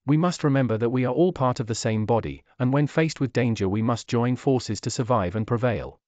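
A seasoned orc warrior, voiced by a male narrator, speaks calmly and with quiet wisdom. His voice is steady and unhurried in a dry, close reading. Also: mid-range voice, no room sound, close to an everyday voice. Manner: calm, sage.

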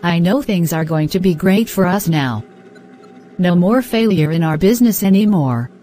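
A woman's voice: lowish voice, lively intonation, normal speed, warm tone, a little hiss or hum, close to an everyday voice. A woman voicing an earnest, hopeful wife. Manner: reassuring, earnest.

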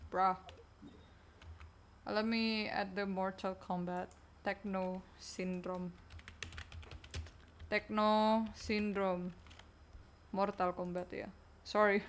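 A woman's voice: mid-range voice, a bit bright. A woman streamer chatting casually while gaming, answering chat in a chatty, distracted way.

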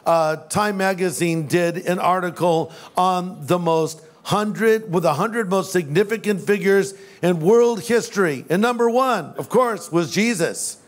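A man's voice: sits high, measured pace, hardly any pauses. A man preaching a sermon as pastor, conversational and joking, slipping into voices. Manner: jokey, conversational, does voices.

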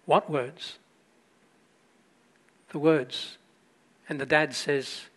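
A man delivers a sermon as pastor. His voice sits fairly high for a man. He tells the story with rising emphasis and drops into quieter asides. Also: slow, long pauses.

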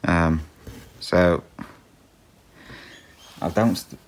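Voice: low voice, steady tone, very slow. A cross-stitch vlogger in a casual chat, answering viewer questions in a rambling way with many ums and little laughs. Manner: talks to a pet between answers.

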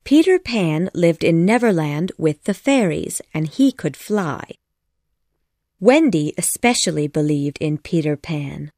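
A woman narrating a children's story audiobook in a measured, clear storytelling manner. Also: low-pitched, animated, a little mellow, dry recording, studio quality. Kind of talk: scripted narration.

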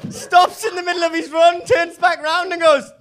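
A man with a Northern English accent telling a stand-up story in a brisk, punchy way. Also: extremely high pitch, level tone, a bit bright, a little hiss or hum. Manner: brisk, punchy delivery with filler "uh"s. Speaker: stand-up comedian.

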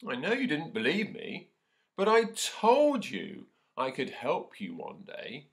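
A man doing a squeaky little mouse. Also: wildly swooping pitch, slow pace, creaky, full character voice. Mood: proud. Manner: squeaky, pleading. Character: small timid male mouse, polite and brave.

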